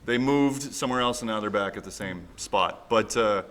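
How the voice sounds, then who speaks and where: A man's voice: fairly low pitch, normal speed, a bit bright. A man from Canada telling stories in a casual chat, wry and laid-back. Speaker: expat podcast guest.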